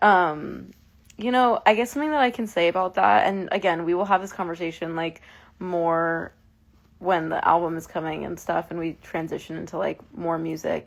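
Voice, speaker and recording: Woman, 20s, casual livestream chat, gravelly fry, lots of fillers and restarts. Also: fairly low pitch. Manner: chatty, emotional, many fillers and restarts. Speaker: singer on a live stream.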